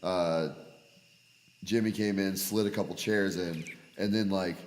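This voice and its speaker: A young man co-hosting a casual podcast, telling wrestling stories in animated bursts. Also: sits low, big-room sound, a little hiss or hum. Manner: animated storyteller, quick bursts when excited. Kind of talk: casual chat. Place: garage.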